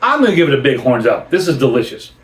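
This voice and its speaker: An enthusiastic man hosts a casual beer review, repeating words as he restarts his sentences. His voice sits at an ordinary pitch. It sounds roomy and picked up from a few steps back from the mic. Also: sing-song, fast, distant mic. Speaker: host of a beer review channel.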